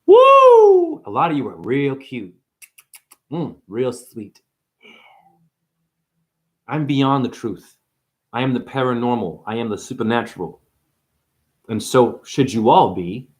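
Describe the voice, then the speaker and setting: A man ranting to camera in an improvised, preachy monologue, swearing freely, firing off rhetorical questions and slowing down hard to hammer points home. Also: mid-range voice, a little mellow. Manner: profane, emphatic, rhetorical questions; slows down hard for emphasis. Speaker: spiritual vlogger and store owner.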